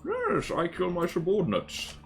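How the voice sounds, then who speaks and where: A man's voice: sits high, wildly swooping pitch, normal speed, gravelly, faint music behind, pitched above the performer's own voice, exaggerated voice. A man putting on a menacing, grandiose masked villain voice, speaking in a theatrical, threatening way. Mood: smug.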